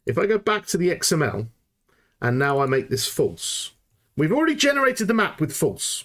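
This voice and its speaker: A man hosting a live gameplay tutorial, thinking aloud and getting excited as he works things out, often restarting sentences. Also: medium pitch. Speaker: tutorial host.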